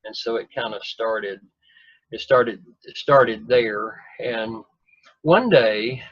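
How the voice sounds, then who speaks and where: Give me a folksy man telling a rambling story, husky and a bit muffled. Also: on the low side, slow pace, fairly bright tone, dry recording. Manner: rambling, folksy, self-deprecating humor. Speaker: guest telling his story. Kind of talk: casual storytelling. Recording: dull lo-fi dry recording.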